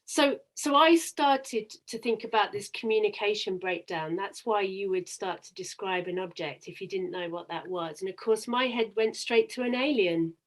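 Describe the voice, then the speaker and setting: A woman's voice: medium pitch, moderate pace, few pauses. A woman presenting a teaching webinar over a video call, upbeat and guiding the talk with questions. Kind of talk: webinar presentation and demo dialogue.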